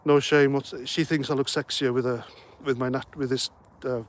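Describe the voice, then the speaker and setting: A middle-aged host reads out comments on his casual livestream, chatting in a rambling, jokey way while a bit breathless. His mid-range voice barely moves in pitch, at a moderate pace.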